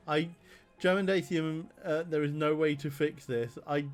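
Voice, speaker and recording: A man's voice: a little high, fairly even intonation, takes it slowly, soft background music. A man streaming a text adventure game, reading the options aloud and laughing often.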